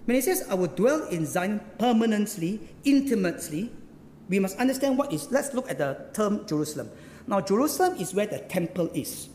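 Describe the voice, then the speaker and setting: A preacher with a Singaporean English accent delivers a teaching sermon, tossing out rhetorical questions and local particles. The voice rises and falls in a lively way. It rings through a large hall with long reverb and faint background ambience. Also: medium pitch, a little hiss or hum.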